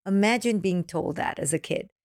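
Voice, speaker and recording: A woman being interviewed as a parenting author, explaining ideas with acronyms and lively acted-out quotes. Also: medium pitch, moderate pace, dry recording, clean studio sound. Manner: animated, acts out children's voices in quotes. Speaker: parenting author, podcast guest. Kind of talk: podcast interview.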